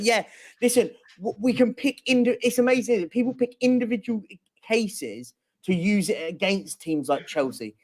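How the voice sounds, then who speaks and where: A man with a fairly high voice chats as a panelist on a casual stream. He rambles along conversationally, leaning on tag questions as he makes his points. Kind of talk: casual live-stream football chat.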